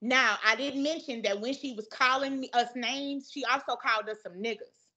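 A young woman spins a profane, dramatic tale in a casual podcast chat, jumping into each character's voice. Her voice sits high and sounds bright and sharp. The audio comes through slightly dull and lo-fi. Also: normal speed. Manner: profane, dramatic storyteller who acts out both sides of arguments. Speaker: podcast guest. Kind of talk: animated storytelling in casual chat.

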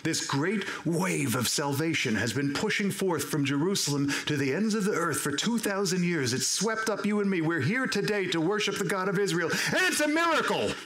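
A man preaching a sermon as pastor, animated and acting out the voices of the people he quotes. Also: a little high, moderate pace, few pauses. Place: church sanctuary. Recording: roomy church echo.

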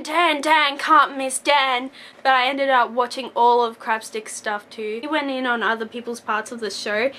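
A young woman rambling excitedly in a casual fan vlog at home, jumping between gushing and poking fun at herself. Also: fairly high pitch. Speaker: vlogger.

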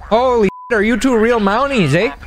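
A man's voice: extremely high pitch, moderate pace, a crowd in the background. A man bantering in character in a role-play game, hamming up a mock Canadian manner.

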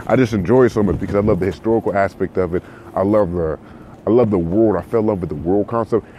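A man from California hosting a casual solo podcast, rambling with lots of restarts and repeats in a slangy way. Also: fairly low pitch. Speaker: podcast host. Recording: faint background noise.

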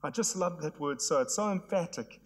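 A hoarse man, preaching an earnest sermon to his church. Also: a little high, lively intonation, moderate pace. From South Africa. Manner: earnest, repetitive emphatic phrasing. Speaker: pastor. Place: church hall. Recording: long hall reverb.

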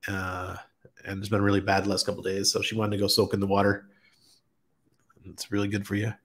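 A man's voice: on the low side, fairly quick, husky. A man hosting a casual livestream, chatting easily with viewers and chuckling often as he reads their comments. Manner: relaxed, chuckles often, greets chat viewers by name. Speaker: crypto livestream host. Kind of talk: casual live-stream chat reading viewer comments.

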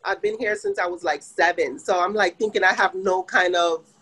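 A woman from Jamaica with a light Jamaican accent, a podcast guest who explains her spa services in a relaxed way with many fillers. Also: on the low side, moderate pace, slightly rough, rough recording. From Saint Andrew, Jamaica. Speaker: guest, med spa owner. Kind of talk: casual interview answers.

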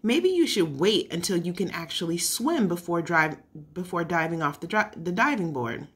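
A woman's voice: on the low side, lively intonation, normal speed, breathy edge. A woman voicing a patient, protective mother who speaks in a soothing but firm way.

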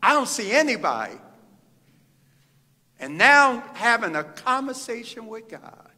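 A middle-aged man from the Midwest, a pastor delivering a fervent sermon with drawn-out phrases and pauses in a church sanctuary. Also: extremely high pitch, very animated, pushed and bright. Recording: reverberant church hall.

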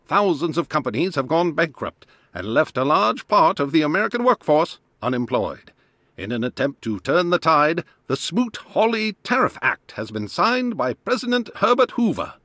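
A man's voice: a little high, sing-song, moderate pace, fairly bright tone, no echo, clean studio sound. A man voicing a formal 1930s news announcer reading headlines in a game. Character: 1930s male newsreader, formal. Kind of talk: period newspaper reading.

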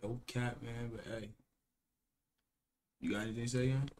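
A young man co-hosting a reaction show, talking in slang and looping the same catchphrases over and over. His voice sits at an everyday middle pitch. It is loose, hyped-up casual chat. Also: steady tone, moderate pace, a little mellow. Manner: slangy, keeps repeating catchphrases. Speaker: co-host of a reaction channel.

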